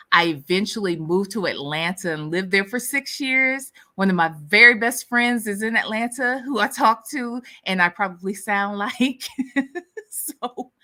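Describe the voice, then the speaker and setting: A woman from the US Midwest with a light Southern accent, hosting a casual livestream chat with viewers in a sassy, animated way and laughing often. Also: medium pitch. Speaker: livestream host.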